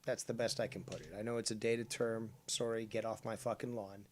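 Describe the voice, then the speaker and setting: A man co-hosting a casual chat, sarcastic and mocking, throwing out loud jabs. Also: fairly low pitch, level tone, brisk.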